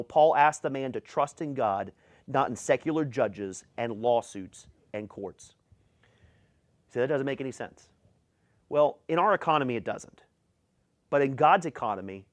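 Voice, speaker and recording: A man's voice: medium pitch, dry recording. A middle-aged male pastor preaching a sermon, reading scripture aloud and driving his points home with emphasis.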